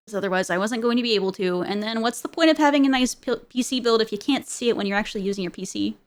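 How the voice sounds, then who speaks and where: A woman's voice: a little high, racing. A woman streamer in casual chat, rambling with many fillers and frequent giggles.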